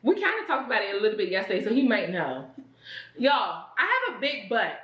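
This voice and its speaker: A woman playing a couples game on a vlog, chatty and quick to laugh, talking straight to viewers. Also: medium pitch, huge pitch swings, fairly bright tone, echoey room, poor audio. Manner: chatty, laughs often, addresses viewers as y'all. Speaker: couple vlogger.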